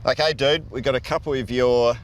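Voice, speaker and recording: A man with an Australian accent co-hosting a motorsport show, talking in a relaxed, rambling way with frequent restarts. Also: mid-range voice, brisk, very noisy. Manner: laid-back, restarts often, excitable behind the wheel. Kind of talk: casual chat and in-car commentary.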